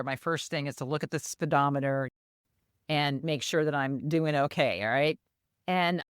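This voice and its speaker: A woman's voice: low-pitched, clear, resonant tone, dry recording, clean studio sound. An older woman, a podcast co-host, telling a personal story and acting out the voices of the people in it. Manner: animated storyteller who acts out quoted voices.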